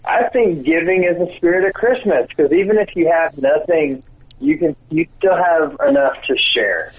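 Husky man on a tinny phone-like line. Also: a little high, animated, moderate pace. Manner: curious, questioning, playful. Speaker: podcast co-host. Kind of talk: casual podcast banter.

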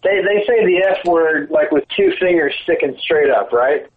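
A man with a husky, slightly high voice, trading curious, teasing questions in casual podcast chat. His voice comes through thin and tinny, like a phone line. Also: animated, normal speed. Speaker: podcast co-host.

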